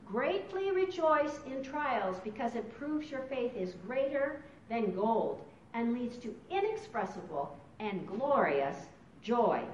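A high-voiced woman teaches a Bible study, reading scripture aloud with emphatic, animated delivery. Her pitch leaps up and down as she talks. She sounds distant and roomy on a dull recording. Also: slight background noise.

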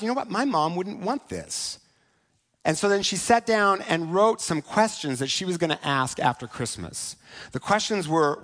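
A man preaching a sermon in a conversational way, often asking "right?" and slowing down for key points. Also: a little high, fairly bright tone. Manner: conversational, asks "right?" often, slows for emphasis. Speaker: pastor.

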